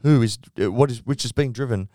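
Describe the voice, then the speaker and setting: A man co-hosting a casual sports podcast, telling stories with lively mimicry of team radio. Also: mid-range voice, brisk, dry recording, studio quality. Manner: animated storytelling, mimics radio chatter. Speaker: podcast co-host.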